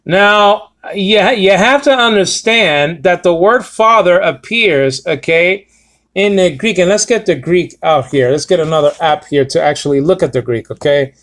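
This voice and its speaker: A man with a slightly high voice leads a Bible lesson, reading Greek words off an app on his screen. He talks in an emphatic, repetitive way and keeps checking in with "okay?" as he goes. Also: moderate pace, a bit bright. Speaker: Bible teacher.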